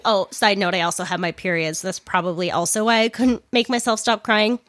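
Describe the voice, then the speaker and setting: A woman's voice: mid-range voice, moderate pace, a bit bright, no room sound. A young woman hosts her podcast in a loose, chatty monologue, laughing easily and swearing without thinking twice. Her upper lip is sore, so she talks a little stiffly around it. The sound is dry and close, with no room in it. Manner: chatty, candid, laughs often, swears casually. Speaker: podcast host. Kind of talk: casual storytelling monologue.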